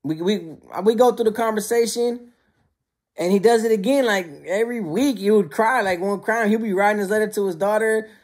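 A man who served time, casually telling prison stories in a slangy, animated way. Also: high voice, brisk. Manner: slangy and conversational, often calls listeners bro; animated, acts out quoted lines. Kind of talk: casual storytelling to camera.

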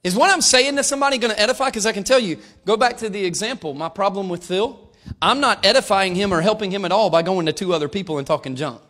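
Male pastor, high voice, emphatic sermon delivery that builds to fervor, talks straight to the congregation. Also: quick pace, fairly bright tone. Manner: emphatic, rising to fervent preaching, addresses congregation.

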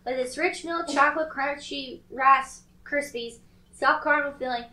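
High-voiced woman reading snack notes. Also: pushed and bright, roomy sound, rough recording. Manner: reads aloud haltingly, stops to interrupt herself. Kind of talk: casual family taste-test chat.

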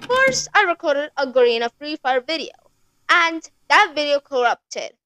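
A woman's voice: high voice, sing-song, moderate pace, sharp tone, no echo, soft background music. A woman hosting a horror game playthrough, rambling, jumpy and swearing a lot. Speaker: gaming channel host.

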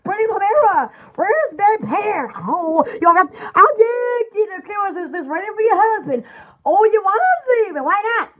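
Woman, shop host, high and lively, rambling and giggly. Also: moderate pace. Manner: giggly, chatty, rambling, reads product lists aloud. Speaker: online shop host selling bath products. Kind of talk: casual live sales chat.

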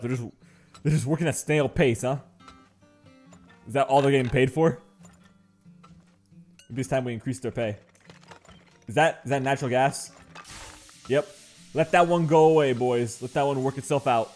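A man chatting his way through a game, joking and acting mock-angry at his in-game workers. His voice sits at an ordinary pitch, and faint guitar music plays underneath. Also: a little mellow. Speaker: gaming channel host. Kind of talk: casual let's-play commentary.

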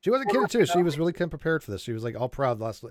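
A man's voice: fairly high pitch, very animated, very fast, crowd noise. A man hosting a casual livestream chat, joking and teasing his guests. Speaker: livestream host.

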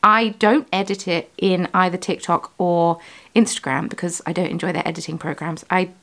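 A woman's voice: on the low side, steady tone, moderate pace, fairly bright tone. A British woman, the host of a crafting vlog, chatting casually from her home studio, rambling and correcting herself as she goes. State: has the hiccups. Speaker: yarn dyer and vlogger.

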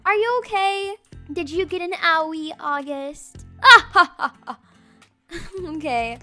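A young woman with a very high, bright voice runs a playful game roleplay as a mom. She talks slowly, slipping from cooing baby talk into chatty commentary. Her tone stays lively and animated throughout. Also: faint music behind.

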